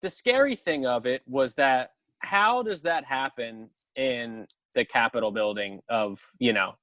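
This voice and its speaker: A man's voice: medium pitch, lively intonation, measured pace, bright, forceful tone, no echo. A man co-hosting a casual podcast, talking loosely and swearing freely. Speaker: podcast co-host. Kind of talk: casual chat.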